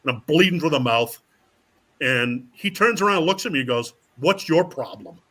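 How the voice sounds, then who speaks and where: A man tells rowdy stories as a guest, cursing freely and acting out every quote. His voice sits a little high and swings widely in pitch. The tone is bright and forceful. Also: fairly quick. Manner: animated, acts out quotes, swears freely. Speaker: guest, professional wrestler. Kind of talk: casual storytelling.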